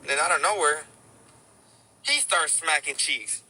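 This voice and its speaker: A man's voice: a little high, measured pace, sharp tone, husky, rough recording. A young man on a podcast, telling a story in a profane, slang-heavy casual style.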